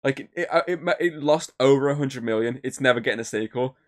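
A man's voice: mid-range voice, fast. Rambling, swearing man. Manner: rambling, swearing, many fillers. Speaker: podcast co-host. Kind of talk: casual podcast chat.

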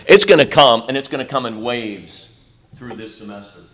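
A middle-aged male pastor preaching a sermon in a college chapel, animated, swinging between loud and soft with mocking asides. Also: mid-range voice, moderate pace.

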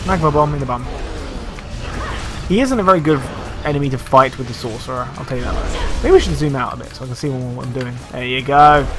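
A man giving casual, joking and sarcastic commentary while playing a video game. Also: fairly high pitch. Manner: joking, sarcastic, self-mocking. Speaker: gameplay commentator.

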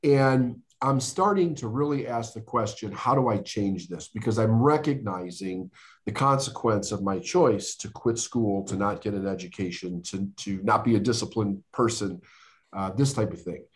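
A middle-aged man, a podcast guest, telling his life story in an earnest, emotional way with dramatic pauses. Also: on the low side. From United States. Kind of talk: storytelling interview.

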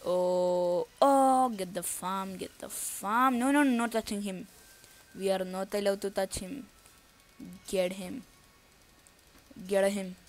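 A woman's voice: mid-range voice, unhurried, faint music behind. A woman giving casual live commentary on her own gameplay. She thinks aloud and breaks into nervous outbursts. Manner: casual slangy talk to viewers. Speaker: gaming YouTuber.

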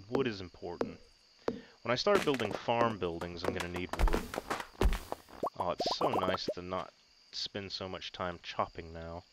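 Over a steady hiss in his home recording, a man hosts a gaming video with casual commentary. His fairly low voice carries a joking, self-mocking, excitable manner as he celebrates small wins.

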